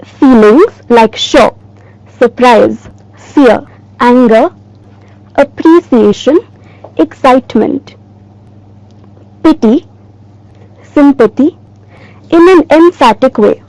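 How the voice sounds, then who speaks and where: A woman teacher giving a recorded lesson in a slow, clear, emphatic way. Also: high voice, animated, darkish tone, no echo, rough recording.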